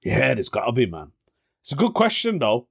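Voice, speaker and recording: A young man chats through his solo podcast, musing aloud and drifting into stories. His voice sits at an ordinary middle pitch and he laughs easily. The recording is dry and close, with no room sound. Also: wildly swooping pitch, normal speed, creaky, husky, dry recording. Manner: chatty storyteller, laughs often, British slang like "innit". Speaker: podcast host. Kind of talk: casual solo podcast chat.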